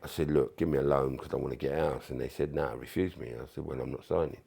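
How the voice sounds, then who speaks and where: A former footballer recounting his playing days in a casual interview, animated and full of swearing, often acting out what others said. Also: extremely low pitch, fast talker, gravelly, husky. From England. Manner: animated, swearing, acts out quoted voices. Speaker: former footballer, podcast guest.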